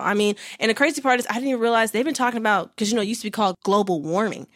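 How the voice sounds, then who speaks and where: A young woman co-hosting a casual podcast, chatting in an animated, slangy way with quick asides. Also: a little high. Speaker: podcast co-host.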